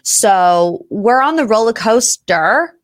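A woman's voice: fairly high pitch, lively intonation, slow pace, no echo, clean studio sound. A young adult woman from Ohio hosting her own pop culture podcast in a chatty, bubbly, rambling way. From Northeast Ohio. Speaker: podcast host. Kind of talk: casual chat.

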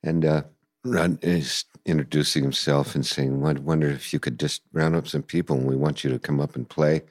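An older man telling stories in a casual interview, animated and acting out voices and sounds. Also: rumbling low, normal speed, no echo, studio quality. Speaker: guest musician recalling the past.

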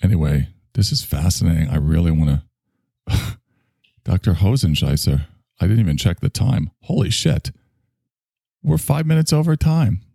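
A man hosting a livestream teases and plays along in casual banter. His voice is gravelly and husky, with a lively pitch, and the sound is dry and close. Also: moderate pace, pauses often, no echo. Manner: teasing, mock-impressed.

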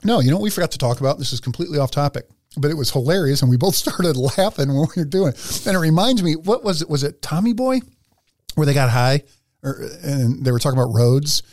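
A man's voice: a little high, lively intonation, quick pace, a little mellow, no echo. A man co-hosting a podcast in casual chat, rambling and laughing as he talks, sometimes reading news items aloud. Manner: rambling, laughs between words. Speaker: podcast co-host.

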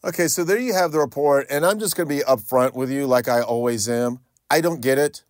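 A man's voice: medium pitch, a little fast, no room sound. Male radio host, middle-aged, from North Carolina; casual opinionated commentary, dry close studio mic. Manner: conversational, repeats himself, opinionated. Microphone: studio microphone.

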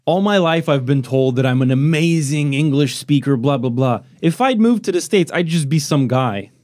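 Swearing, animated male podcast co-host. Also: a little high, moderate pace, no room sound, studio quality. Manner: animated, swears a lot, trails off into laughs. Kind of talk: casual chat.

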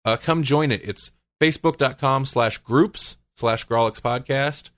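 A man's voice: medium pitch, measured pace, a bit bright, dry recording. A man hosting a casual podcast chat, rambling with lots of fillers and frequent laughs. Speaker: podcast host.

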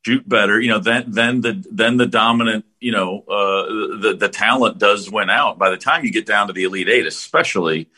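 A man's voice: on the low side, moderate pace, hardly any pauses, sharp tone, husky. A man co-hosting a podcast, talking casually about college basketball and betting, rambling with many restarts. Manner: rambling, with repeated restarts and laughs. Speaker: podcast co-host. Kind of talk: casual sports chat.

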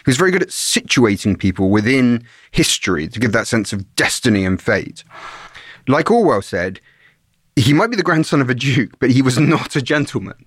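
A man's voice: mid-range voice, big pitch swings, moderate pace, a bit bright, breathy edge, dry recording. A middle-aged man talks through ideas on a podcast in an analytical, explaining way. His voice sits in an ordinary middle register. The sound is close and dry, with no room around it. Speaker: podcast co-host. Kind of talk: conversational history podcast.

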